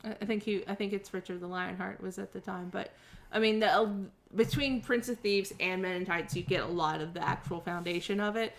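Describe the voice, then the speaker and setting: A woman's voice: medium pitch, fairly even intonation, fairly quick. A young adult woman co-hosting a casual movie podcast, thoughtful and hesitant with frequent ums. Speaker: podcast co-host. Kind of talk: casual chat.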